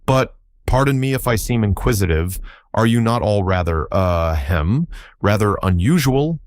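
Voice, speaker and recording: A man's voice: fairly low pitch, animated, moderate pace, dry recording, studio quality, pitched above the performer's own voice, natural voice. A man voicing a pompous, learned male insect who talks in long, formal, self-admiring sentences.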